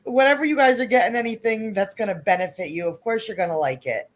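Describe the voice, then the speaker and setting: A woman running a tabletop role-playing game, recapping the story for a live stream in a brisk, teasing way. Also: on the high side. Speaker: game master.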